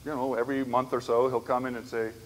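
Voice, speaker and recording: A man gives a conversational church conference lecture on disability ministry, telling stories and checking in with the audience through frequent "right?" asides. His mid-range voice is flat in delivery and fast. The hall is echoey, with faint background noise.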